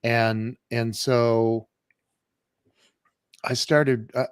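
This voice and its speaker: Speaking very slowly in a smooth, medium-pitched voice, a podcast guest in his fifties recounts his life story. He's lively and conversational, restarting often and using plenty of fillers. The audio is studio quality with no room sound.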